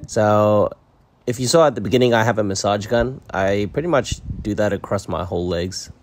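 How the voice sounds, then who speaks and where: Low-voiced hesitant male vlogger. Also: a little mellow, slight background noise. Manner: hesitant, many fillers and restarts. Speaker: skateboarding vlogger. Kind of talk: casual voice-over commentary.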